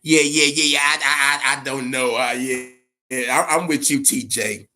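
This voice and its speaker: A man hosting a boxing talk show, ranting in a profane, casual way, stammering and swinging between a low grumble and loud outbursts. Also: fairly even intonation, normal speed, slight background noise. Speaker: boxing podcast host.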